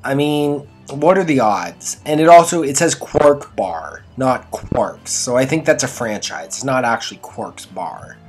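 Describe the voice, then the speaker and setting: A man's voice: mid-range voice, animated, measured pace, hardly any pauses, breathy edge, soft background music. Sarcastic man recapping a show. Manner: sarcastic, rambling recap with dry asides. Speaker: show reviewer. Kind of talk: casual spoken review.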